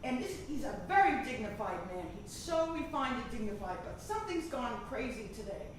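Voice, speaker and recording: A woman doing stand-up comedy, telling a family story in an animated, dramatic way. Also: fairly high pitch, normal speed, heavy reverb, distant mic, background noise.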